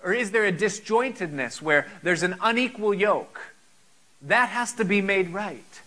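A man's voice: sits high, animated, unhurried, sharp tone, low-quality recording. A man preaching a sermon, earnest and full of rhetorical questions.

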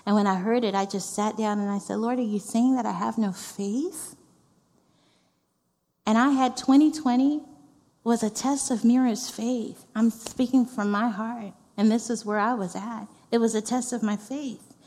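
Her fairly high voice is steady and a little mellow, moving at a moderate pace. This executive pastor, a woman, preaches a heartfelt, conversational sermon in a church sanctuary, repeating phrases for emphasis amid the reverberant hall acoustics.

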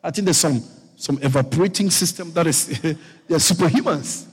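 A man preaching a sermon, telling the story with animated swings up to shouts. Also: a little high, normal speed, husky. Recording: long echo of a large hall.

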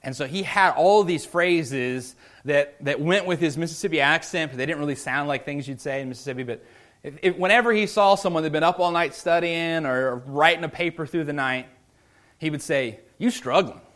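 A male pastor preaching a sermon in an earnest, conversational way, restarting phrases often and swinging from loud emphasis to quiet, low lines. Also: normal speed. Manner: swells loud and high for emphasis, drops low and soft on key lines.

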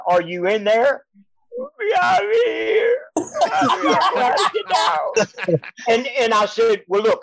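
Older retired coach; high, dry voice; rambling, stop-start storytelling over a video call. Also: male voice, no echo, rough recording. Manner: halting, repeats words, chuckles as he tells. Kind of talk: storytelling on a casual podcast.

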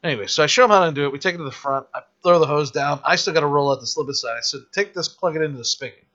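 A man's voice: fairly high pitch, very fast, fairly bright tone. A man hosting a podcast, telling stories in a casual chat, acting out the voices and swearing freely. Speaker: podcast host. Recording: dull lo-fi podcast audio.

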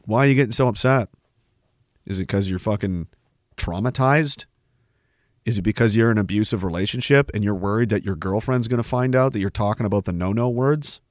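A man's voice: on the low side, brisk, no room sound, studio quality. A man hosting a podcast, delivering a profane, rambling monologue rant. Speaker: podcast host. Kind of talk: ranting monologue.

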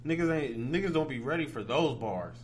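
A man's voice: medium pitch, lively intonation, fairly quick, a little hiss or hum. A man from Ohio hosting a podcast, talking in a laid-back, slangy casual chat style, often asking "you feel me". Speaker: podcast host.

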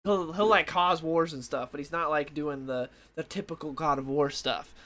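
Young man, higher-pitched voice, tired, rambling casual talk, lots of fillers. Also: normal speed, a bit bright. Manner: rambling, loses track, many fillers. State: tired late at night. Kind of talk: casual comic book review.

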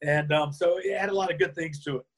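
A man being interviewed, telling a lively anecdote and acting out the lines of the people in it. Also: a little high, fast talker, vocal fry, breathy edge. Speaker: interview guest. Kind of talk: storytelling in a conversation.

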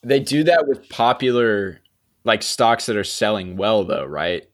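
Young man, low voice, podcast host, casual recap, laughs a lot, trails off. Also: a little slow. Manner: relaxed, chatty, laughs often, trails off quietly. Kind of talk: casual chat recapping a TV episode.

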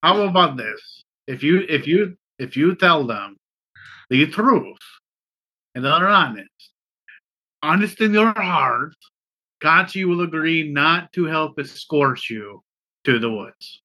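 A man voicing a male adventurer who bargains slowly and deliberately with a prisoner in a tabletop game. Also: on the high side, animated, sharp tone, husky, exaggerated voice, low-quality recording. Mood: bargaining.

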